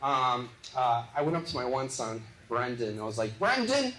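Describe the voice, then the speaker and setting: A man from the Midwest doing live stand-up comedy, joking back and forth with audience members in quick, punchy bits. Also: medium pitch, steady tone. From Midwest of the United States. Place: live comedy show venue. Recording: echoey live venue with loud crowd noise. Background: audience laughter and applause.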